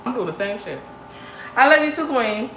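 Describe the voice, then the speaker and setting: Animated, profane woman livestreamer. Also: fairly high pitch, moderate pace, slight background noise. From Grand Rapids, Michigan, USA. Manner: blunt, profane, animated ranting. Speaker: livestream host. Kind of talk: casual livestream chat with viewers. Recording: roomy echo, faint background ambience.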